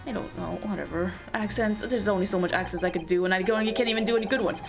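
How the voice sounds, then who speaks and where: A woman's voice: medium pitch, fast, gravelly. A woman giving casual commentary while playing a story game, rambling and self-deprecating, swearing now and then. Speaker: let's play streamer. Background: game music.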